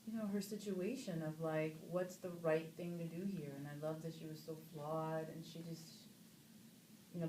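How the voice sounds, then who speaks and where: A lively, low-voiced woman in her thirties chats at a press junket, spinning anecdotes with lots of fillers and sudden high squeals of mock surprise. The room is echoey, with faint noise behind her. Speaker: actress interviewed about a film. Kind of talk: casual press junket interview.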